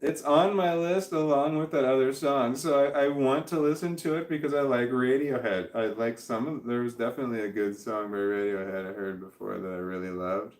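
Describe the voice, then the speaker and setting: A man talks off the cuff to his viewers at a middle pitch, rambling, dropping swear words and losing his thread. His voice bounces around a roomy space. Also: fairly even intonation, brisk, hardly any pauses, darkish tone. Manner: rambling, swears constantly, loses his train of thought. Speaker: livestreamer answering chat. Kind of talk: rambling casual monologue.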